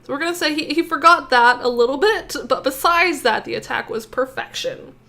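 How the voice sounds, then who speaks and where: A woman's voice: high voice, a little fast, gravelly, pushed and bright. A young woman hosting a gaming video, giving a casual, upbeat commentary recap of a strategy game attack. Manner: upbeat, chatty recap with fillers.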